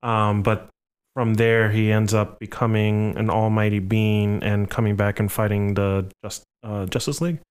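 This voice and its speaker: A young man in casual podcast chat, halting and searching for words. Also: on the low side, little pitch movement, clean tone.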